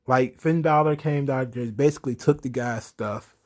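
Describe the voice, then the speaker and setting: A man's voice: mid-range voice, normal speed. A man hosting a casual wrestling recap show, talking loosely with swearing and frequent laughs, briefly acting out the wrestlers' lines. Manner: loose, profane and laughing, acts out promo quotes. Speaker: wrestling commentary host. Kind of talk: casual solo recap commentary.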